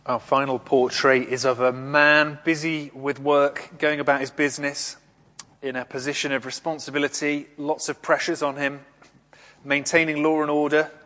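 Reflective male preacher in reverb. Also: mid-range voice. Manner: gentle, reflective, pausing often. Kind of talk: sermon reflection.

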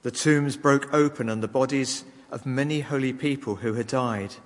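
A man reading scripture aloud in a measured, solemn way. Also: mid-range voice, in a large hall. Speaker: scripture reader. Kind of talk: liturgical Bible reading.

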